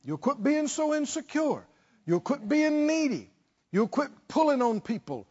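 High-voiced, animated preaching man. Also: a little slow, highs cut off. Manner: preaching with call-and-response, swinging from shouts to hushed tones. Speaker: pastor. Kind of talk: sermon.

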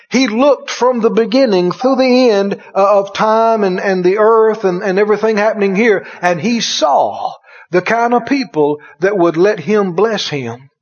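A man preaching a sermon with exuberant energy, breaking into shouted exclamations. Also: sits high, expressive, measured pace. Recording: dull lo-fi sound.

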